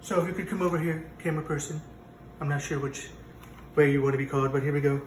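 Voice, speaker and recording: A man with a fairly high pitch and fairly even intonation talks quickly, close to his everyday voice, with background noise around him. In a comic parody, he plays a boastful president hosting a cooking show from a home kitchen, rambling and contradicting himself. The recording is echoey, from a mic at a distance.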